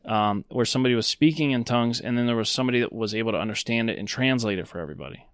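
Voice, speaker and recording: A man's voice: mid-range voice, rapid-fire, fairly bright tone, clean tone, dry recording, studio quality. A man co-hosting a podcast, chatting casually and rambling with lots of fillers. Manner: rambling, conversational, many fillers. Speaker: podcast co-host.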